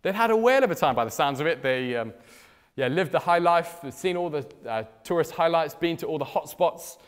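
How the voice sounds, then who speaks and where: A man preaching a sermon in a church, telling stories with big swings in pitch and loudness. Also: brisk, clean tone. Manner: animated storytelling with strong swings in pitch and loudness. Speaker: pastor. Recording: reverberant church hall.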